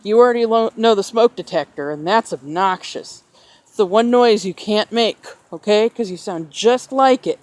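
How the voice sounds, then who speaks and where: Strolling outdoors in the rain, a woman films with a handheld camera and talks to her parrot in a sing-song pet voice. This vlogger has a mid-range, darkish voice at a normal speed.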